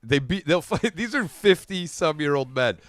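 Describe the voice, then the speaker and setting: A man's voice: a little high, expressive, normal speed, fairly bright tone, no echo. A man co-hosting a comedy podcast, riffing with profanity and laughing often. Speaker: podcast co-host. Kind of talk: casual chat.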